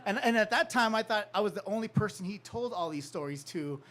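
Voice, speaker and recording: A man from California telling a long anecdote to a live audience, animated, acting out the people he quotes and laughing often. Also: high voice, a little fast. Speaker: author giving a talk. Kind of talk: storytelling talk to an audience.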